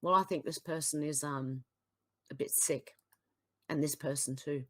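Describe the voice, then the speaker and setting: A woman's voice: low voice, fairly even intonation, a little slow, a bit bright. Blunt exasperated Australian woman vlogger. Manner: exasperated, blunt, swings between sighs and outbursts. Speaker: political commentary vlogger. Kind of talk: reading posts aloud and reacting.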